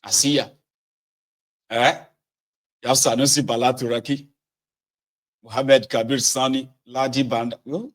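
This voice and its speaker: A man's voice: medium pitch, flat delivery, measured pace, long pauses. A man hosting a casual political commentary show, speaking sardonically and emphatically.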